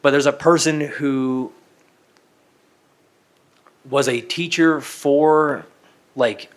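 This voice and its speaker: A young man in casual conversation, telling stories with lots of energy and profanity. His voice sits in a middle pitch. He often slips into quick impressions of people he's quoting. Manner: animated storytelling with swearing and voiced asides. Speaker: podcast co-host. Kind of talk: casual chat.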